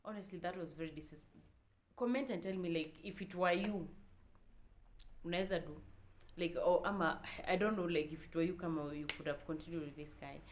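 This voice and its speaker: A young Kenyan vlogger with a low-leaning, brisk voice shares a personal story with her viewers. She is candid and emotional, switches between languages, and uses lots of filler words as she talks to camera.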